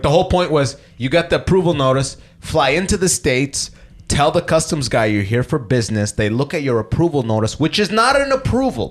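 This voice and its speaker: A young man from Canada, co-hosting a podcast, telling stories casually and acting out the people he quotes in raised voices. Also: mid-range voice. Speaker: podcast co-host. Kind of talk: casual storytelling chat.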